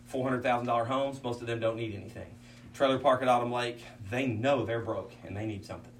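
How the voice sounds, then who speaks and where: A male pastor with a mid-range voice and quick pace preaches anecdotally to fellow ministers in a folksy style. He fills his stories with "I mean" asides and acts out the quotes. The sound is roomy and distant, with a faint hum.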